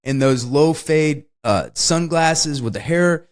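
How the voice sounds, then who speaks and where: A man's voice: fairly high pitch, animated, takes it slowly. A man co-hosting a podcast, chatting casually and enthusiastically about a film, often laughing mid-story. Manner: enthusiastic, laughs while telling stories. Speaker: podcast co-host. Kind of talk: casual movie review chat.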